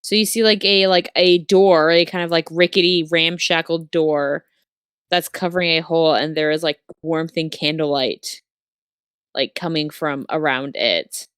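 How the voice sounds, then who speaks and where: A woman's voice: low-pitched, fairly even intonation, normal speed, fairly bright tone, clear, resonant tone, no room sound, studio quality. A woman narrating a tabletop game as game master, rambling with many fillers and corrections.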